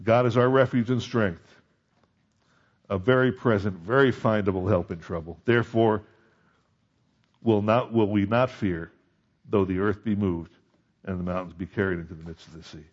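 A man's voice: on the low side, steady tone, moderate pace, pauses often, muffled recording. Man preaching a conversational sermon. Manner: conversational preaching with rising emphatic peaks. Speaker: pastor.

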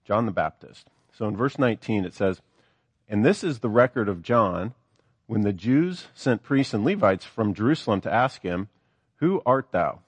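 A man's voice: on the low side, expressive, normal speed, husky, no echo. A man preaching a sermon, reading scripture aloud and then explaining it with earnest, rising emphasis.

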